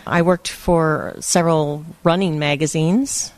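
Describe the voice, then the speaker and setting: An older woman from Hawaii telling lively stories in a casual interview and laughing often. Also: low-pitched, unhurried, no echo. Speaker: interview guest. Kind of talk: casual storytelling.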